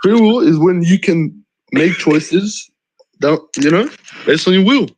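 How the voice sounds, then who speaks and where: A man's voice: sits high, animated, measured pace, a little mellow, slight background noise, low-quality recording. A man calling into a live stream who argues his case earnestly, repeating words and restarting often. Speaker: caller.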